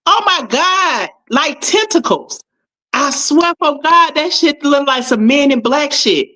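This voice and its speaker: Animated woman co-hosting a livestream. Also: a little slow. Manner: animated, swears, exclaims in a high voice. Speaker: livestream co-host. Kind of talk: casual livestream chat.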